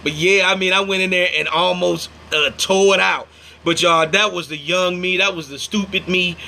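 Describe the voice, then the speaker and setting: A man's voice: high-pitched, normal speed, vocal fry. A young man hosting a casual livestream, telling stories animatedly and breaking off to thank viewers. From Indiana, United States. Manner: animated storyteller, acts out quotes, thanks viewers mid-story. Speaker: livestream host.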